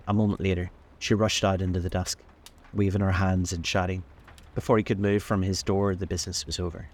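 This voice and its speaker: A male host reading a classic novel aloud in a measured, unhurried way. His voice is very deep, and his delivery stays steady throughout. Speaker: narrator, host. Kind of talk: audiobook-style novel reading.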